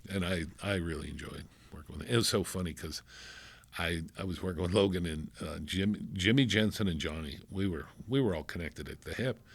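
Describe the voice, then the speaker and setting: A man with a New Jersey accent telling lively film-set stories in an interview, acting out what others said and swearing casually. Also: low-pitched, a little fast, vocal fry, breathy edge, dry recording. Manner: animated anecdotes, acts out quoted voices, swears casually. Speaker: film crew member, interview guest.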